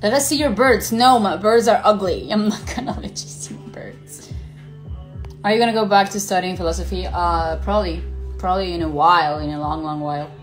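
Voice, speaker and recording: A woman's voice: lowish voice, fairly quick, soft background music. A young woman live-streaming, casually chatting and swearing as she answers viewer questions, switching between Spanish and English.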